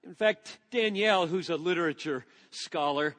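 Male pastor, sermon, high voice, unhurried and reverent; reverberant hall sound. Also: a bit bright. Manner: earnest, reverent, reads scripture slowly with emphasis.

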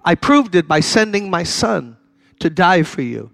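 A man's voice: sits high, big pitch swings, normal speed, vocal fry, dry recording. An older man preaching a sermon, building to impassioned, emphatic exhortation and then easing back to direct, conversational appeals. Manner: impassioned, rising to loud exhortation.

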